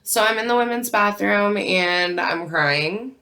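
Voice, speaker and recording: A woman's voice: mid-range voice, bright, forceful tone. A young woman telling a casual storytime vlog about her job, chatty and full of "like" fillers. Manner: chatty, frequent "like" fillers, unhurried. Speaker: vlogger telling a work story.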